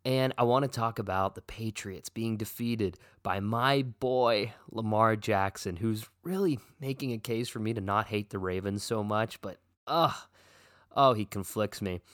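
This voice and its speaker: A man's voice: on the low side, unhurried, fairly bright tone, no echo, studio quality. A man hosting a comedic fantasy football podcast, ranting indignantly with lots of profanity. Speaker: podcast host.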